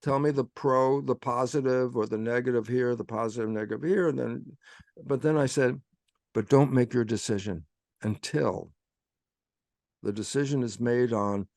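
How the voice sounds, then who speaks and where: The man speaks at medium pitch and moderate pace, his voice creaky and darkish, captured in clean studio sound with no echo. Giving an explanatory talk as a guest, he tells it as a story full of "I say" and "I go" self-quotes and rhetorical questions.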